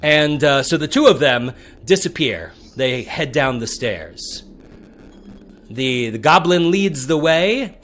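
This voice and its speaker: A man narrates a tabletop game as dungeon master, his pitch rising and falling in a lively way. He talks slowly and descriptively and sometimes restarts his sentences.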